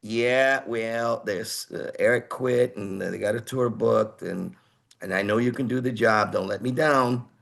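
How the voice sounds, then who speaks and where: Man doing pushy manager, thick New York accent, gravelly, blunt, swears. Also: fairly low pitch, unhurried, fairly bright tone. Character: brash older male band manager, pushy.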